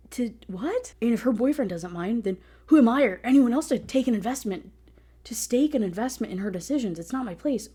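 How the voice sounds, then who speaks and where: A woman's voice: a little high, dark tone, husky. A woman ranting through a book review in a casual, profane, exasperated way.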